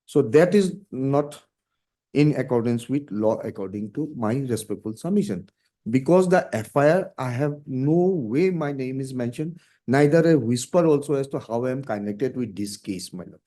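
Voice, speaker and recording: A man's voice: medium pitch, lively intonation, normal speed, mellow. A man arguing a case before a judge in a formal, deferential manner, reading documents aloud. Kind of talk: courtroom argument.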